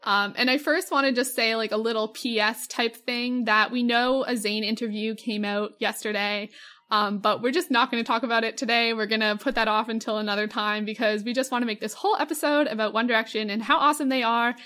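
A young woman with a slightly high voice co-hosts a casual podcast. She gushes enthusiastically and fills her talk with likes and ums. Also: fairly even intonation, a little fast, pushed and bright. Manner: gushing, enthusiastic, lots of fillers. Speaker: podcast co-host. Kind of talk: casual chat.

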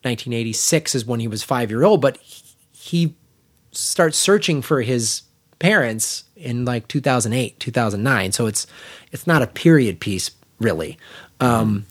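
A man's voice: mid-range voice, lively intonation, moderate pace, husky. A man co-hosting a casual film podcast, gushing about a movie in a rambling way, with many restarts and fillers. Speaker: podcast co-host. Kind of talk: casual film review chat.

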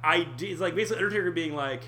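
A man explains at length in a casual chat, circling back with restarts and swearing as he goes. His voice is bright and forward. A faint hum sits under the recording. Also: a little high, rapid-fire. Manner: rambling, many fillers and restarts, swears.

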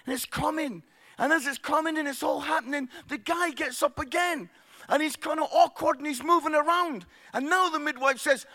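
Animated male storyteller, very high and bright voice, comic. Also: moderate pace. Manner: animated, acts out characters, laughs along. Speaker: speaker telling stories.

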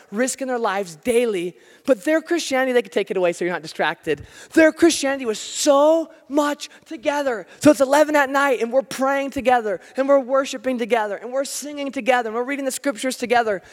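An American man preaching a sermon, telling stories with animated, self-deprecating humor. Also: very high voice, fast, hardly any pauses. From United States. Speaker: pastor. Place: church hall. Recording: long hall reverb.

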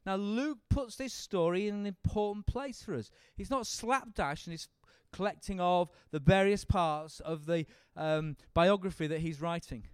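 A man teaching a Bible seminar, animated and acting out the speakers in the story. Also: high voice, normal speed, few pauses, clean tone, no room sound. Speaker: preacher leading a seminar. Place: seminar room with an audience.

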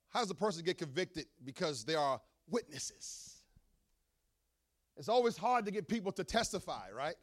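A middle-aged man, a pastor, preaching an animated sermon with humorous asides to his congregation. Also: high voice.

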